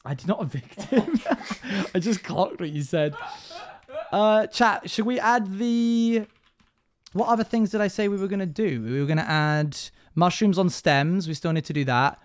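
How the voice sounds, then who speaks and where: A man's voice: high voice, normal speed, a little hiss or hum. A young man streaming live, chatting casually with his viewers and a friend, laughing easily and addressing chat often.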